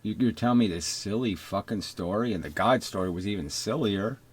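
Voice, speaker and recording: A husky, somewhat low-voiced older man rants in an unscripted monologue, profane and sarcastic. He mocks the people he talks about and drops into put-on voices to imitate them. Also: fairly quick. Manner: mimics others in put-on voices. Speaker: video commentator.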